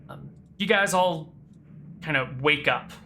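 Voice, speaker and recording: Bright-voiced game master narrating a tabletop game. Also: medium pitch, creaky, faint music behind. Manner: casual, quick asides with fillers.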